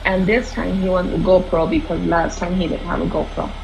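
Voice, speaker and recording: A woman's voice: lowish voice, flat delivery, brisk, creaky, noisy background. A woman from New Mexico chatting casually in a truck cab, rambling on about her plans. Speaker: co-driver on a trucking trip. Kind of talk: casual chat.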